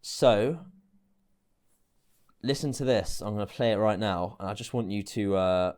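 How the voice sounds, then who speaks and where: A man's voice: on the low side, measured pace, a little mellow. A man from England hosting a casual podcast chat, laughing often and hesitating with many restarts. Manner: giggly, hesitant, lots of restarts. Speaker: podcast host.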